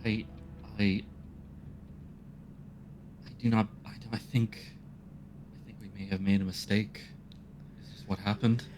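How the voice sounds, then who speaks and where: A man playing a tabletop role-play game, speaking in a hesitant, halting way with many fillers. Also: fairly low pitch, little pitch movement, a little mellow. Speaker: player. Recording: faint background music.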